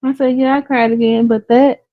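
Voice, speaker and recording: A woman co-hosting a casual talk show, speaking, soft-spoken and playful. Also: a little high, little pitch movement, normal speed, dry recording, narrow, tinny audio. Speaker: podcast co-host. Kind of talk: casual chat.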